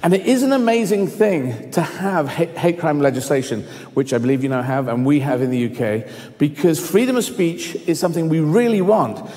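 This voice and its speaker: Middle-aged man, fairly high voice, animated storytelling, long hall reverb. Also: normal speed. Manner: animated, acts out voices, swears freely. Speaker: guest. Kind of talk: storytelling in conversation.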